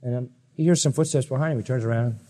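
A male preacher giving a sermon, telling Bible stories in an animated way and acting out the voices of the people in them. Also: mid-range voice, quick pace. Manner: animated storytelling, acts out voices. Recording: long reverb of a large hall.

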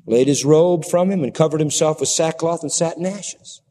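A man preaching a sermon in a dramatic, animated way that plays up the story for his listeners. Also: fairly high pitch, normal speed. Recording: long hall reverb.

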